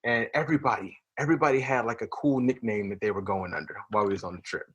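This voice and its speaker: A man's voice: lowish voice, fast talker, slightly rough, highs cut off. A man, a singer as guest, chatting casually in an interview and acting out quotes as he tells stories. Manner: animated storyteller, acts out quotes.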